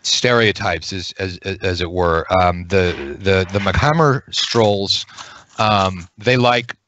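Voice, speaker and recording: A man running a tabletop game as game master, rambling and pausing with many ums as he explains the setting over a video call. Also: deep voice, fairly bright tone, highs cut off, a little hiss or hum. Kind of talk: narrating a tabletop game session.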